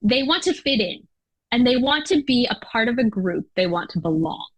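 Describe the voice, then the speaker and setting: A woman's voice: a little high, big pitch swings, moderate pace, no room sound, rough recording. Chatty American woman, dry sound. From United States. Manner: chatty, many fillers and laughs. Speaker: podcast guest. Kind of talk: casual interview chat.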